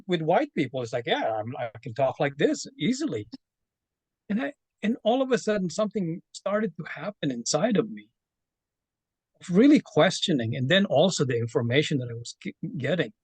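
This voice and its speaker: A man from the Philippines with a Filipino accent, sharing a personal story in an online session, earnest and halting with many fillers and restarts. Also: a little high, a little mellow, slightly rough, dry recording. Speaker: community member sharing his story. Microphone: video call.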